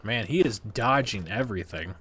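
A man's voice: fairly low pitch, lively intonation, moderate pace, bright, forceful tone, a little hiss or hum. A man giving casual commentary over a wrestling video game, swearing and heatedly trash-talking his opponent. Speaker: gaming channel host.

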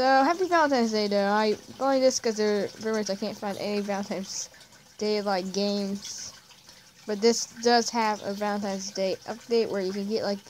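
A woman's voice: medium pitch, slight background noise, rough recording. A young woman giving chatty, self-mocking commentary while playing a video game. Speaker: gamer. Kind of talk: casual let's-play commentary.

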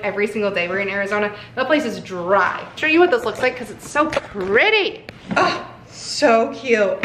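A woman in her twenties vlogging casually to camera at home, excitable and gushing, with lots of fillers. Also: a little high, slight background noise. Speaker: lifestyle vlogger. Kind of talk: casual vlog talk to camera. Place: apartment, indoors. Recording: echoey room.

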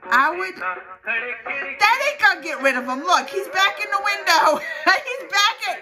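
A woman's voice: extremely high pitch, animated, measured pace, poor audio. A woman hosting a reaction video, exclaiming, laughing a lot and talking back to the screen in casual commentary. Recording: loud music playing behind the voice.

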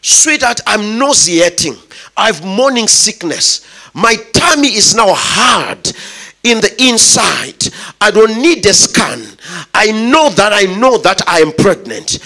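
Mary, a young teenage bride, confesses tearfully in a raised, bright voice, put on by a male preacher. Her delivery is slow and sincere, with lively rises and falls. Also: high-pitched, heavily acted, poor audio.

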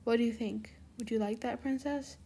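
A woman voicing a gentle, affectionate teenage boy superhero in a fan fiction reading, in soft tender tones. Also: medium pitch, normal speed, natural voice.

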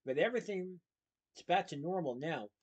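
A man's voice: high voice, expressive, moderate pace, darkish tone. A man voicing a flustered, fretting older priest who stammers.

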